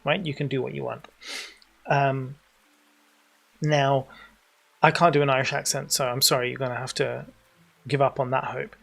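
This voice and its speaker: A man's voice: a little high, vocal fry, fairly bright tone. A man from Britain streaming a video game, chatting with his viewers and explaining the game step by step. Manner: chatty, explains as he goes, talks to chat. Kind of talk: livestream game tutorial commentary.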